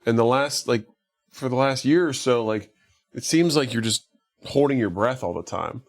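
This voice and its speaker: A man's voice: mid-range voice, normal speed. A man casually recapping a movie on a podcast, rambling with lots of fillers and acting out the characters' lines. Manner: rambling, lots of "like", acts out quotes. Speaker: podcast co-host.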